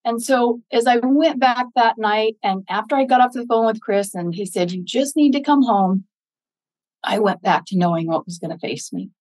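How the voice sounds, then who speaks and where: A woman podcast guest, a bereaved mother, telling her story in an earnest, faith-filled way, animated when she quotes others. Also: fairly high pitch, moderate pace, hardly any pauses, no room sound, low-quality recording. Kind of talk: interview storytelling.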